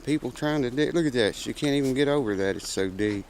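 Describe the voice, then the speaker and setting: A man's voice: medium pitch, fast talker, darkish tone, slight background noise, low-quality recording. A man making a guitar repair video, chatting casually in a rambling, folksy way with plenty of "uh" fillers. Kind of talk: casual vlog chat.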